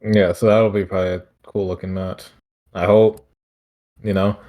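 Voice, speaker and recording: A Philadelphia man hosts a podcast, recapping wrestling in a loose, rambling, profane chat. His voice is deep and warm, with a level tone and a normal speed.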